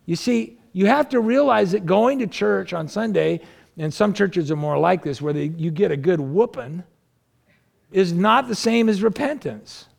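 A male pastor with a strongly gravelly, rough edge to his voice, pitched a little higher than most men. He preaches conversationally, firing rhetorical questions at the congregation and swinging between emphatic raised lines and low, quiet asides. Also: lively intonation, moderate pace. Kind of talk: sermon.

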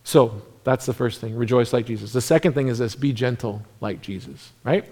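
Man preaching, loud then hushed. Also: medium pitch, moderate pace. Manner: conversational preaching that swings from animated to hushed, near-whispered passages. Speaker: pastor. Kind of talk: sermon.

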